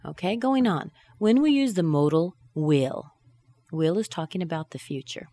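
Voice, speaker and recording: A woman teaching English pronunciation, drilling short question tags slowly and deliberately. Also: lowish voice, sing-song, warm tone, dry recording.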